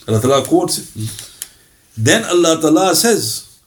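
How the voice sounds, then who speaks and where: In a recorded talk on Islamic history featuring Quran recitation, a middle-aged man speaks in a slightly high, animated voice at a moderate pace. He lists references steadily and dramatizes small exchanges between speakers.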